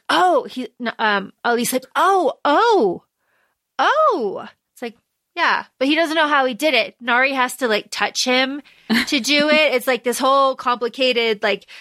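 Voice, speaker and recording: A woman's voice: high-pitched, pushed and bright, no room sound, studio quality. A woman co-hosting a podcast, casually discussing a book and retelling scenes with lots of fillers. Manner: rambling retelling full of fillers. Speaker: podcast co-host.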